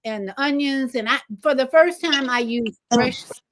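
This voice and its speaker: A woman hosting a casual livestream talk show, animated, acting out greetings she gives strangers. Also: moderate pace, a little hiss or hum, poor audio. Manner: animated, acts out greetings in a lively higher voice.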